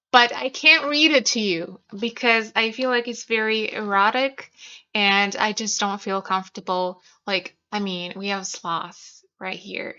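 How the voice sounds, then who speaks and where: A woman talking casually about books in a small room at home, rambling a little and restarting her sentences. Her voice is bright and crisp, with clean, smooth clarity. The audio has a slightly dull, lo-fi edge. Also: mid-range voice. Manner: chatty, self-conscious, many fillers and restarts. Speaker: book vlogger. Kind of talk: casual chat.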